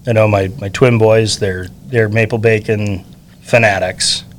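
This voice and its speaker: A middle-aged man hosts a casual interview, friendly and talkative, often breaking in with quick agreeing words. His voice is fairly low, with a faint noise bed behind it. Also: steady tone. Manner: chatty, agreeable, many short backchannels.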